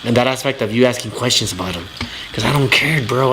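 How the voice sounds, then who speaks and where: Man, young, talk-show host, profane blunt rants, mid pitch, faint background noise. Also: a little fast, pushed and bright. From Southern California. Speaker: talk show host reading live chat. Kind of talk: casual livestream rant.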